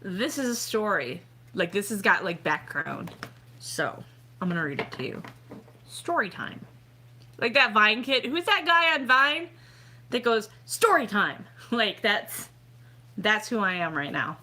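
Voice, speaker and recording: A tipsy woman hosting a tarot livestream, rambling and self-deprecating, with bursts of excitement. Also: medium pitch, measured pace, slight background noise. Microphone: home webcam livestream.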